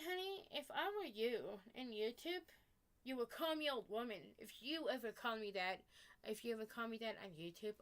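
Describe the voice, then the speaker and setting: A woman rambling in a casual webcam vlog message from her bedroom, with many fillers and repeats. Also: a little high.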